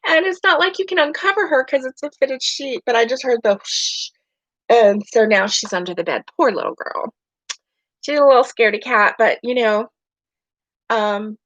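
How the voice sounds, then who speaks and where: Streaming live from her home bedroom, this host talks in a medium-pitched, fairly bright voice, rambling along and laughing frequently. The audio is dry and dull lo-fi, with no room sound.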